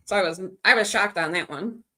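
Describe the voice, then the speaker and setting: A woman's voice: mid-range voice, brisk, pushed and bright. A woman livestreaming to her viewers, chatting casually and rambling between stories and replies to comments. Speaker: livestreaming vlogger. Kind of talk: casual live-stream chat.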